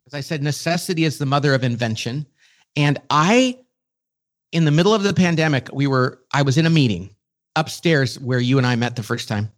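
A middle-aged man as a podcast guest, telling a story with quick, enthusiastic energy. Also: mid-range voice, lively intonation. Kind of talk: casual conversation.

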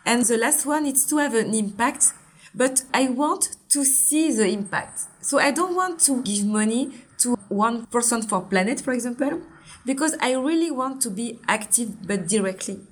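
In an interview, a brand founder from Martinique, in her forties and with a French accent, walks earnestly through her products one step at a time. She speaks at normal speed in a slightly high voice with lively intonation.

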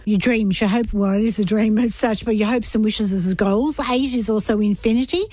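A woman's voice: mid-range voice, moderate pace, darkish tone, dry recording. A woman interpreting callers' dreams on a radio call-in show, chatty and reassuring. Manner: chatty, reassuring, laughs often.

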